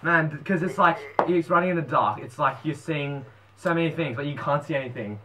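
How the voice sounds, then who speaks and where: A young man chatting excitably in a casual vlog, laughing often. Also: a little high, fairly quick, a little hiss or hum. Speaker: vlogger.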